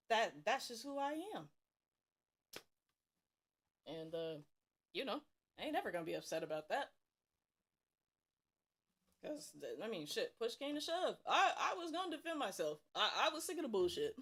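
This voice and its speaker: A young woman from Cincinnati, streaming while she draws, tells school stories in a casual, profane, animated way with bursts of laughter. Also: medium pitch, moderate pace, pauses often. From Cincinnati, USA. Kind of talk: casual storytelling while drawing.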